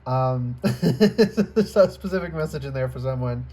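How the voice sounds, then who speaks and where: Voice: medium pitch, animated, unhurried, warm tone. A tarot reader giving a casual, rambling reading to camera indoors, often trailing off, restarting and becoming emotional. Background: faint computer fan hum.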